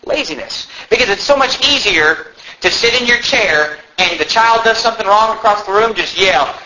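A man preaching a sermon in an animated way, now and then shouting mocking impressions. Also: high-pitched, moderate pace, highs cut off. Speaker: pastor.

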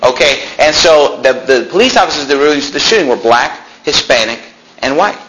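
A man's voice: medium pitch, normal speed, a little hiss or hum, low-quality recording. Man preaching a conversational sermon. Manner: conversational preaching, animated outbursts and mocking quotes. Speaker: pastor. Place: church sanctuary.

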